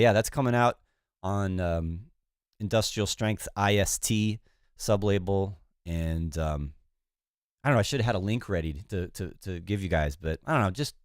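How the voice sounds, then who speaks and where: Casting: male livestream host, lowish congested voice, laid-back and rambling, dry close mic, faint music under. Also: dry recording. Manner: relaxed, rambling, many fillers. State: congested, recovering from illness. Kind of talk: casual livestream chat.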